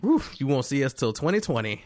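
A man from Virginia hosting a podcast, talking loose, slangy and animated. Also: mid-range voice, fairly quick, dry recording, clean studio sound. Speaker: podcast host. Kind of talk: casual podcast chat.

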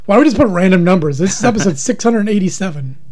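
A man co-hosting a comedy podcast, rambling earnestly as he talks himself in circles. His voice is high and quick, and he keeps piling on new thoughts. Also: lively intonation, darkish tone. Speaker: podcast co-host. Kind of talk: casual comedic banter.

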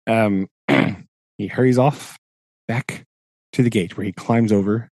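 A man co-hosting a podcast, casually retelling a book chapter in an animated way, acting out the characters' lines with lots of filler words. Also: on the low side, slow pace, vocal fry, breathy edge, no room sound. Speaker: podcast co-host.

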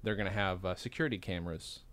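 A man's voice: deep voice, fast, a bit bright. A man co-hosting a podcast, chatting casually and enthusiastically about a TV show, with lots of affirming murmurs. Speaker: podcast co-host.

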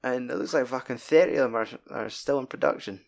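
Scottish dude, casual film chat, swears a ton, rambles, mid pitch. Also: male voice, quick pace, vocal fry. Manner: sweary, rambling and animated retelling.

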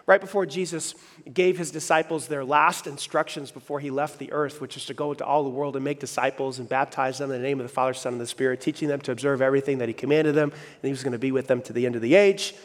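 A pastor preaching a lively sermon, acting out the voices he quotes. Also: mid-range voice, quick pace. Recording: long hall reverb.

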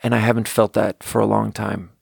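A man with a fairly low voice hosts his own podcast alone. He rambles loosely, pokes fun at himself and laughs easily. The sound is close and dry, with no room echo. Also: level tone, gravelly, darkish tone, husky. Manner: rambling, self-deprecating, quick to laugh. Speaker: podcast host. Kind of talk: casual solo podcast monologue.

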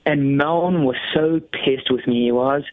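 A man's voice: medium pitch, a little slow, dry recording. A man as an interview guest, telling stories casually and animatedly, acting out other people's lines with lots of fillers. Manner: animated, acts out quoted voices, frequent fillers. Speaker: guest, off-road racing champion. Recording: tinny phone-like dry line.

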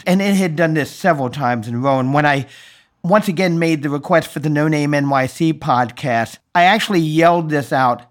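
A man's voice: on the high side, fairly quick. A man hosting a podcast, telling a story in a wry, self-deprecating way. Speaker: podcast host. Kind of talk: storytelling monologue.

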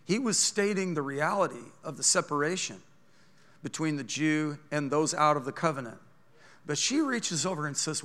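A middle-aged man preaches a sermon in a high-pitched, bright, forward voice. He moves from quiet, hushed asides to loud, ringing declarations. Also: animated, normal speed. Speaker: pastor.

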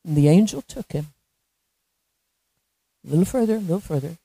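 A woman preaching a sermon, telling a story with lively, animated delivery and frequent laughter. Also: lowish voice, moderate pace, creaky, husky.

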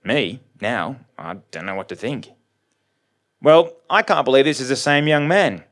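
A man's voice: mid-range voice, expressive, measured pace, fairly bright tone, pitched above the performer's own voice. A man voicing an elderly woman who is confused, mild and polite, speaking in a prim, genteel way. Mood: flustered.

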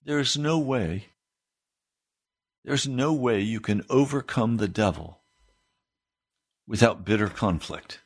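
A man preaching a sermon as pastor, swinging his pitch up into emphatic questions. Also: animated, slow, pauses often, breathy edge.

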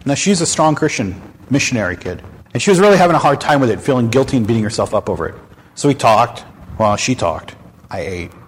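A man with a slightly husky voice hosts a candid faith talk and tells stories frankly, with lively punch. His voice rings with a long hall reverb. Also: mid-range voice, fast. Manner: frank, animated storyteller. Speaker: host.

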